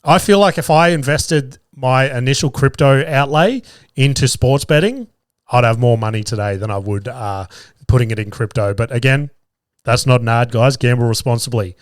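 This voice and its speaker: A man's voice: mid-range voice, moderate pace, dry recording, studio quality. A young Australian man hosting a podcast, telling casual stories in a profane, self-mocking way and acting out the other people in them. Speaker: podcast host. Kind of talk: casual storytelling chat.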